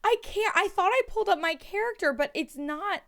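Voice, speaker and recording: A woman playing in a tabletop game, chatting casually, giggly and excitable, often laughing. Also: very high voice, fairly quick. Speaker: player.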